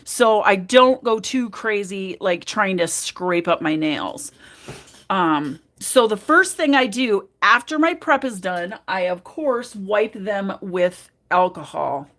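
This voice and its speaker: A woman's voice: medium pitch, animated, slow pace, fairly bright tone. A woman hosting a nail art livestream, chatting casually and affectionately with her viewers while she works, full of fillers. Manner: chatty and affectionate, talks to chat, many fillers. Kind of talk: casual live-stream chat while doing nails.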